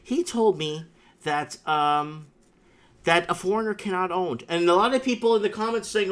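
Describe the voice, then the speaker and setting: A slightly higher-voiced man hosts a casual talk show, telling stories with plenty of emphasis and repetition. He keeps circling back to the same phrases as he talks a guest through his point. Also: moderate pace, fairly bright tone. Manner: emphatic storytelling with repeated catchphrases. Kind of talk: casual chat.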